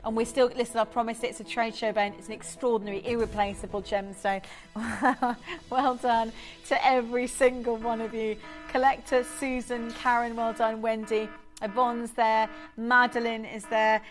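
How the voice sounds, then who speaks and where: A woman hosts a live televised jewellery auction, her fairly high voice full of breathless enthusiasm as she praises the gems and rattles off the names of bidders. Soft music plays beneath her in the studio. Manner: rapid excited sales patter, gushing over gems; reels off bidder names and congratulations. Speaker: shopping channel presenter.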